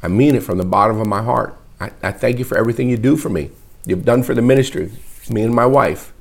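A middle-aged man, a pastor, preaching an emotional sermon in a halting, repetitive way, close to tears. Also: medium pitch, gravelly. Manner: emotional, wears heart on sleeve; halting, repeats words often. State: tearful. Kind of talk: livestreamed sermon.

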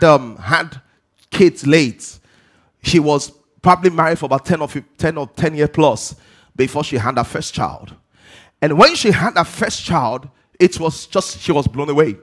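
A man delivers a sermon in a fairly high voice. He works through rhetorical questions and answers them, pushing his emphasis upward as he preaches to the congregation. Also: a bit bright.

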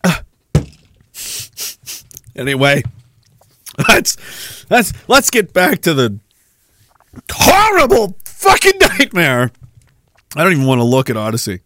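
A man's voice: medium pitch, sing-song, unhurried, pauses often, a bit bright, dry recording, clean studio sound. A man hosting a podcast in casual chat, rambling, swearing freely and joking darkly. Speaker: podcast host.

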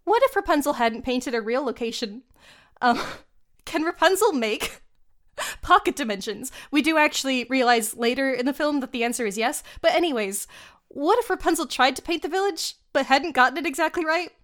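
A woman's voice: high-pitched, lively intonation, normal speed, a bit bright. A young woman co-hosting a podcast, chatting casually about a film, giggly and full of slang and fillers. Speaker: podcast co-host. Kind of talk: casual chat reviewing a film.

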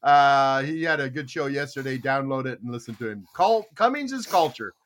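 A man in his seventies hosting a podcast panel in casual chat, talking in an excitable, emphatic way. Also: mid-range voice, normal speed. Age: 70s. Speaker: podcast host.

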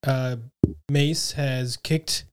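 A man's voice: medium pitch, fairly even intonation, very slow, clean tone. A man chatting in a casual group tells his story animatedly. He keeps breaking into giggles as he speaks.

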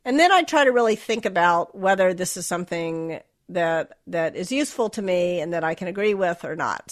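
Candid middle-aged American woman, reflective. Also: lowish voice. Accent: General American, Southern accent dropped. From Southern United States. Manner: reflective, self-deprecating, restarts often. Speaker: author and guest. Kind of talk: candid interview talk.

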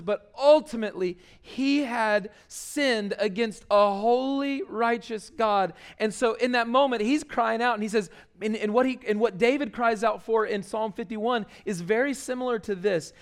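High-voiced, gravelly man preaching casually. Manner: casual conversational preaching with many fillers and restarts. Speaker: pastor. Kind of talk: sermon.

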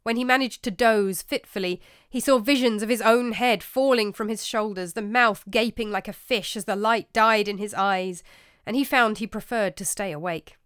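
Woman narrator, measured storybook reading, dry close sound. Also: mid-range voice, fairly bright tone, clean tone, no room sound.

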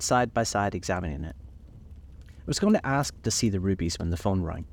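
Guy reading a classic novel, really low voice, calm and thoughtful, slows down on the big bits. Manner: measured, reflective, slows on key passages. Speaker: narrator.

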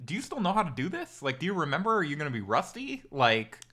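Bright-voiced man hosting a podcast. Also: a little high, wildly swooping pitch, fast. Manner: playful, teasing, breezy host patter. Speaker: podcast host. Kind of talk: casual podcast chat.

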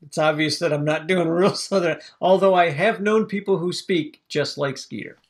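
Husky, slightly high-voiced man chatting. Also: normal speed. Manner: animated, laughs and acts out quoted voices. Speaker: podcast co-host reviewing films. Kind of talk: casual chat.

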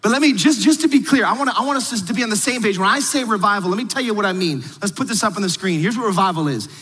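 A male pastor lays out his sermon series in a confident teaching tone. He often turns to speak to the online audience. His voice is fairly high for a man, and it carries the long echo of a large hall. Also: racing, bright, forceful tone.

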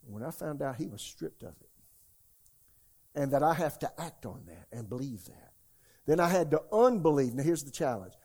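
A man's voice: mid-range voice, warm tone, breathy edge. A man preaching a sermon, emphatic and often calling out to the congregation. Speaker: pastor.

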